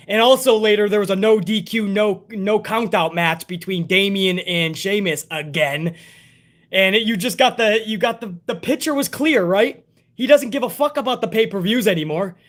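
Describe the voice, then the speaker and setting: A man with a notably high-pitched voice rants through a wrestling show review. He swears freely and sounds exasperated and sarcastic as he picks the booking apart. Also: fairly bright tone. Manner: profane, exasperated, sarcastic ranting. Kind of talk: casual ranting review.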